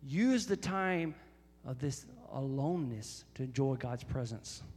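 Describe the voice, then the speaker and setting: A man preaching a sermon as pastor, emphatic and repetitive, often rising to loud, high exhortation. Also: expressive, unhurried, slightly rough, long reverb tail, soft background music.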